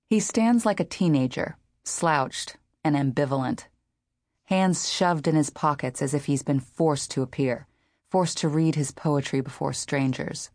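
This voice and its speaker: A woman narrating a literary novel as an audiobook reader, in a measured, unhurried way. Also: low-pitched, darkish tone, dry recording, studio quality.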